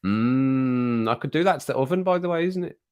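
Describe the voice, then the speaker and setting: A man's voice: mid-range voice, lively intonation, moderate pace, a little mellow, clear, resonant tone. A middle-aged man with a Birmingham accent hosting a livestream, chatting casually with viewers in a jokey, rambling way. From England. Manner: jokey, rambling, chuckles often. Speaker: livestream host. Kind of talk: casual chat to live chat.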